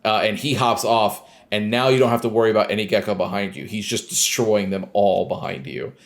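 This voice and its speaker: A man's voice: fairly low pitch, fairly even intonation, fairly quick, vocal fry. A man co-hosting a podcast, casually retelling a video game scene with lots of fillers and quoted lines. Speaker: podcast co-host. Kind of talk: casual chat recapping a game.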